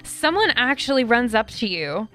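A woman narrating as game master in a tabletop game, chatty and relaxed, with many fillers. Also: a little high, normal speed, faint music behind.

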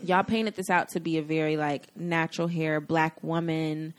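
Lower-pitched woman, candid and animated. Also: normal speed. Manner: candid and profane, animated storytelling. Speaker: podcast guest. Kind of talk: casual chat.

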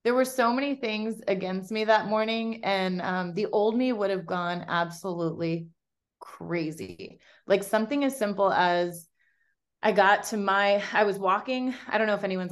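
A young adult woman, a podcast guest, telling a personal story in casual chat with lively voiced quotes. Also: lowish voice. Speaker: guest, pro bikini competitor.

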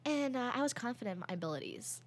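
A young woman casually telling a story, chatty and full of fillers, quoting people with lively voices. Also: a little high, fast talker.

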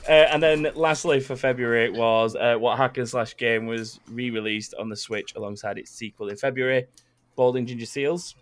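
A man's voice: mid-range voice, steady tone, normal speed. A male quiz host on a casual podcast, reading questions in a middling voice. He swears freely and breaks into laughter between the questions.

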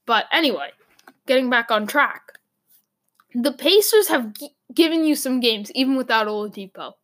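Young Boston woman, sports talk host, high bright voice, rambling and emphatic. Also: expressive, normal speed. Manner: rambling, emphatic, lots of "like" fillers. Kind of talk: opinionated sports commentary monologue.

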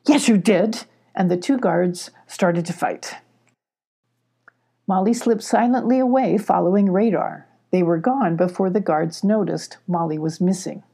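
A woman calmly reading a children's storybook aloud. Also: on the low side, gravelly. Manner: slow, calm, even. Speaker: audiobook reader. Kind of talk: storybook narration.

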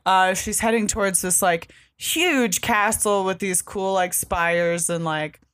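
A woman's voice: mid-range voice, takes it slowly, a bit bright, dry recording, clean studio sound. A young woman co-hosting a podcast, chatting casually and rambling with a lot of "like" fillers. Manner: rambling, heavy use of filler "like". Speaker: podcast co-host. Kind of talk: casual chat recapping a comic book.

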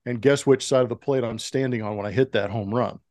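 Lively middle-aged male storyteller, dry sound. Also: medium pitch, fairly quick, no echo. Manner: animated storyteller who acts out quoted dialogue. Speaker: interview guest, former pro baseball player. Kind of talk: storytelling in a podcast interview.

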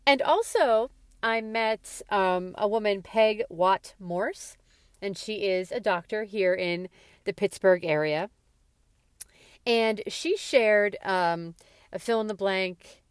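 Slow-speaking woman podcast host, dry sound. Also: medium pitch, expressive, dry recording. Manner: slow, reflective and sincere. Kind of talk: podcast narration.

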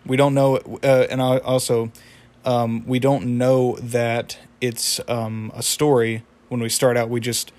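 A man casually retelling a cartoon episode, halting with many fillers and small chuckles. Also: mid-range voice, level tone, darkish tone. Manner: halting, lots of fillers and restarts, chuckles often. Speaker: episode recapper.

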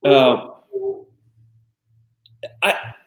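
A man co-hosting a casual discussion, thinking aloud in a thoughtful, halting way with frequent restarts. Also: echoey room. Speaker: podcast co-host.

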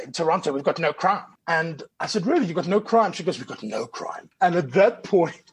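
A man from South Africa, a talk show guest, telling lively anecdotes and acting out the voices of the people in them. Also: fairly high pitch, a little fast, hardly any pauses, breathy edge. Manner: animated anecdotes, acts out quoted voices.

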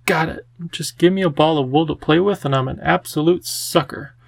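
A man voicing a charming, theatrical male cat with a genteel, drawn-out, fussy way of talking. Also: fairly high pitch, vocal fry, no room sound. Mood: playful, affectionate.

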